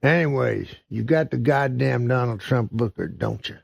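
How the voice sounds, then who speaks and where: A man with a husky, gravelly voice voicing a rude, loud male redneck customer while telling a joke. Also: medium pitch, moderate pace, no echo. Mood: belligerent.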